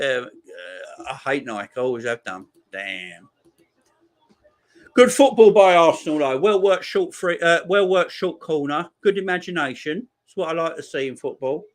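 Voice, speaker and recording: A man in his forties giving chatty live football watchalong commentary and bantering with his chat. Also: mid-range voice. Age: 40s. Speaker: streamer.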